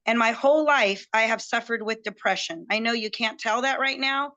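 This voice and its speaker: A woman guest telling a personal story in an excited, chatty way, acting out what others said to her. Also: fairly high pitch, moderate pace. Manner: chatty, excitable, acts out quoted dialogue.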